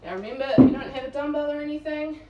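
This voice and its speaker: A woman's voice: high-pitched, rapid-fire, dark tone, roomy sound, distant mic, muffled recording, a little hiss or hum. A woman fitness coach at home, talking through workout moves while she demonstrates them. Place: home room.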